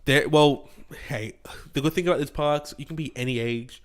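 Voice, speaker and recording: A man's voice: fairly high pitch, normal speed. An Australian man co-hosting a podcast, telling stories in a rambling, casual way with many fillers. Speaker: podcast co-host. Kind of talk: casual chat.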